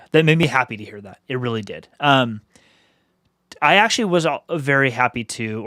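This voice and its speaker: A man's voice: medium pitch, fairly bright tone, dry recording. Male podcast co-host, thoughtful and reflective, dry close recording. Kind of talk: casual review chat.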